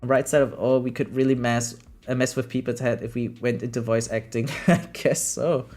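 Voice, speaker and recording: A man's voice: medium pitch, flat delivery, normal speed, a little mellow, soft background music. A man from Germany with a German accent, streaming a game live and chatting casually with his viewers, laughing often as he answers chat.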